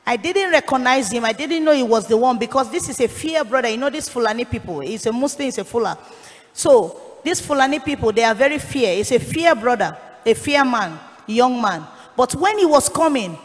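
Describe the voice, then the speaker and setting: A woman evangelist, giving an emotional testimony that rises to shouting. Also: high-pitched, expressive, normal speed, long reverb tail, faint music behind. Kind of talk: sermon testimony.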